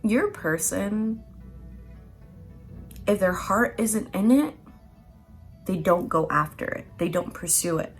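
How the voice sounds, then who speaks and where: A woman with a gravelly, fry-edged voice runs through a tarot spread in a loose, chatty way. She laughs often, swears casually, and keeps a playful, teasing tone with her listeners, at an everyday middle pitch. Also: animated, slow, pauses often, soft background music. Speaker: tarot card reader. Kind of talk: casual pick-a-card tarot reading.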